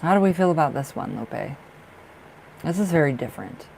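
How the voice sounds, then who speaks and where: A man's voice: on the high side, big pitch swings, fairly quick, creaky, a little mellow, a little hiss or hum, poor audio. A man giving a live-streamed tarot reading, talking in a rambling, emphatic way with many fillers and blunt, salty language. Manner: blunt, swears freely. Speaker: tarot reader.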